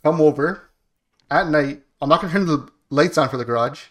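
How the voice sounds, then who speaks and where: A man on a podcast, telling a story in a casual chat with animated, profanity-heavy delivery. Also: on the high side, fairly quick. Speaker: podcast host.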